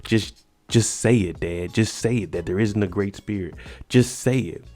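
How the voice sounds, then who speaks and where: Angry drunk slave catcher, insistent and raised, low dark voice, read by a man. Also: normal speed, lightly acted. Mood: angry, pleading.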